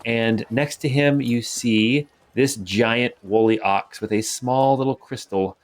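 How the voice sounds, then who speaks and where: A man narrating a tabletop game as game master, relaxed, with many fillers. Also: medium pitch, slow pace.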